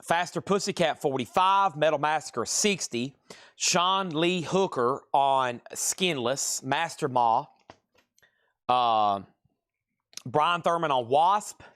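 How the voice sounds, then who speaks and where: Brisk man calling out bids. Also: on the high side, a bit bright, dry recording, clean studio sound. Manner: brisk, rattles off prices and names, hums to himself. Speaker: host of a live record sale. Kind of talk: live sales stream, calling bids.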